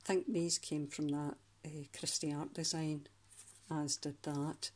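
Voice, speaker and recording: A Scottish woman doing a casual craft flip-through of a handmade journal, chatty and rambling, often pausing to search for words. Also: low-pitched, flat delivery, darkish tone.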